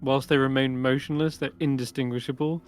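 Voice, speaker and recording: A man acting as game master, narrating a live tabletop game and thinking aloud with pauses as he runs the combat. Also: medium pitch, fairly even intonation, smooth.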